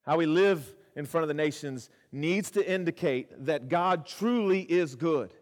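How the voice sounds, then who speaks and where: In a fairly high voice and at a slightly slow pace, a male pastor gives a conversational sermon with asides to his congregation. He repeats phrases to emphasize them and swings from loud to hushed, heard through a long hall reverb.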